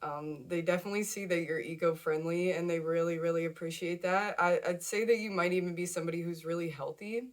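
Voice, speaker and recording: A woman's voice: lowish voice, steady tone, fast, hardly any pauses. A young woman giving a casual tarot reading to camera, chatty and emotional, repeating words and laughing often. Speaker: tarot card reader.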